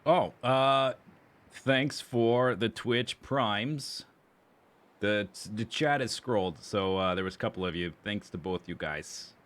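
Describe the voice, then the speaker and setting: Speaking slowly in a fairly low, fairly bright voice, a man talks his way through a survival game stream. The commentary is casual and chatty, wandering over his gear and plans with frequent self-corrections.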